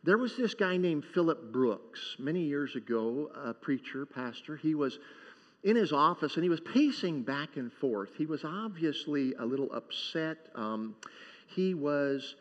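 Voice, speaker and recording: A man's voice: fairly high pitch, lively intonation, unhurried. A man preaching a sermon to his congregation, talking in a loose, joking way and often asking them for an amen. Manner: conversational and joking, asks the congregation for responses. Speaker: pastor. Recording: dull sound with long hall reverb.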